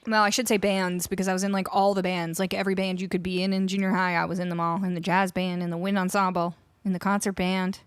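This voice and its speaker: A woman's voice: fairly low pitch, flat delivery, fast talker, few pauses, smooth, no echo. A woman from Canada chatting casually on a live music stream, greeting viewers and reading out their chat messages. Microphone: studio microphone.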